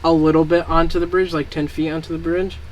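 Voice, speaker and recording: A tabletop game player, cheeky and quick to laugh, bargaining with the game master. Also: mid-range voice, little pitch movement, low-quality recording. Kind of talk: casual tabletop game play.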